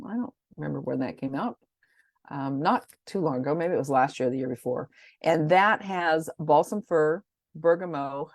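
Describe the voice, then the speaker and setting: Low, gravelly-voiced woman chatting about products. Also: a little mellow, dry recording, studio quality. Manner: rambling, chatty, stumbles over product names. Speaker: essential oil presenter. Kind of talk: casual product rundown.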